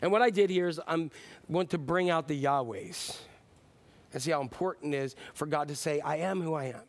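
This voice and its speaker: Casting: male pastor, high voice, chatty animated sermon delivery. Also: brisk. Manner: conversational, animated preaching with acted-out quotes.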